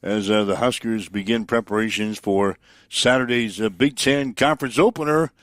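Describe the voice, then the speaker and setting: A man hosting a sports talk show, introducing clips and reading community announcements in a steady, measured way. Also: fairly low pitch, dry recording, clean studio sound. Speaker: sports radio host.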